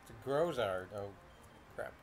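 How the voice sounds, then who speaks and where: A man's voice: medium pitch, expressive, measured pace, faint music behind. A young man casually commenting on his own gameplay, reacting aloud and swearing often. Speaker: gaming video host. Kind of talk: casual let's-play commentary.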